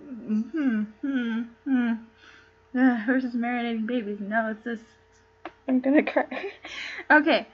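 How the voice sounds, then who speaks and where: A giggly woman chats with her stream and reads a play aloud, tripping over names and going off on tangents. Her voice is high and breathy. It comes through a computer microphone with a dull, lo-fi sound. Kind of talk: casual live-stream chat and reading.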